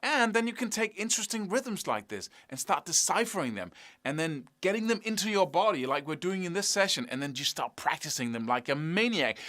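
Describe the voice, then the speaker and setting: Enthusiastic high-voiced man teaching guitar. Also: pushed and bright. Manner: enthusiastic, encouraging, fillers like "you know" and "right?". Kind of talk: online guitar lesson.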